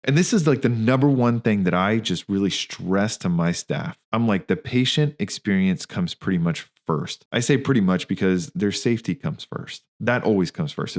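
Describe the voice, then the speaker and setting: A man in his thirties with a fairly low voice speaks as a podcast host. He talks candidly and emphatically, full of slang and asides. He tells personal stories casually. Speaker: podcast host, physician and practice owner. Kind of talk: casual spoken monologue.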